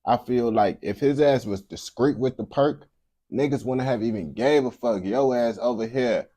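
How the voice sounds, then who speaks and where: A man's voice: medium pitch, normal speed, dark tone, no room sound. A man streaming casual reaction commentary, blunt and heavy on slang.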